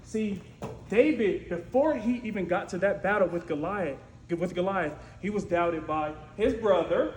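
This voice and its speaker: A man preaching a storytelling sermon in a lively, conversational way, often asking "right?". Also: high voice, measured pace. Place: church sanctuary. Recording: echoey church room with faint noise.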